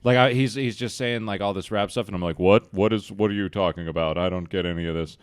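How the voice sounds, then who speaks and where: Young guy podcast host, lowish smooth voice, swears a lot, laughs at himself, dry close sound. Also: quick pace, dry recording. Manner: profane, self-mocking storytelling. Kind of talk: casual chat.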